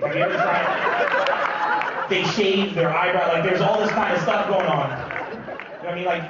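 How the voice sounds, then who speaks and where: Animated male comedian in an echoey hall. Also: sits high, noisy background. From Lebanon. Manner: loud, animated, jokey crowd work. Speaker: stand-up comedian. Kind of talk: live stand-up comedy. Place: large comedy venue with live audience. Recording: echoey, dull live hall recording from far off, loud crowd.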